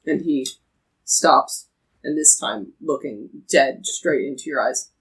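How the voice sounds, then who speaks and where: A game master narrating a tabletop game, describing a character with many pauses and restarts. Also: medium pitch, creaky, a bit bright, rough recording. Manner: hesitant, many ums and restarts while describing.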